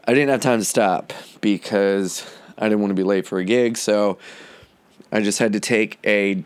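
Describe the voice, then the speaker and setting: Guy with a low smooth voice, swearing a lot, rambling comedy podcast host. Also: moderate pace. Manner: loose and profane, breaks into sung lines and mock voices. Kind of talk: casual storytelling chat.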